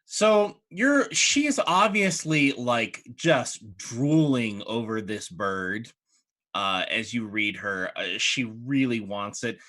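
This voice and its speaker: A man narrating a tabletop game as game master, in an animated storytelling manner. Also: medium pitch, takes it slowly.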